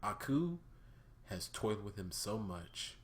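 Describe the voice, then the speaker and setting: A young man hosting his own vlog, giving a casual, profane review of a cartoon episode, swinging between loud outbursts and subdued talk. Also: fairly low pitch, sing-song, takes it slowly, slight background noise.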